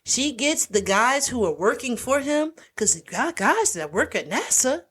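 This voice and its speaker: Slightly rough and fairly high-pitched, this woman's voice moves a little slowly. Co-hosting a podcast, she retells a movie's plot in casual chat, acting out quoted lines with animated storytelling.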